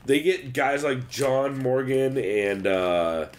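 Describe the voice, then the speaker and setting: A man's voice: medium pitch, slow. A man co-hosting a casual sports podcast, talking in a loose, profane, rambling way with lots of restarts. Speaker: podcast co-host.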